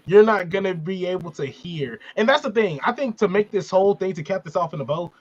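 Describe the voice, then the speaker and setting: A man's voice: high-pitched, lively intonation, a little fast, no echo, muffled recording. A man hosting a casual wrestling podcast, talking emphatically and ranting with rising volume. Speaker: podcast host.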